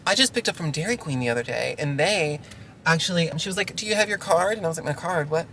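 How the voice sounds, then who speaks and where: A man ranting casually in an animated, exasperated way while working as a delivery driver. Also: fairly high pitch, quick pace, a little hiss or hum, low-quality recording.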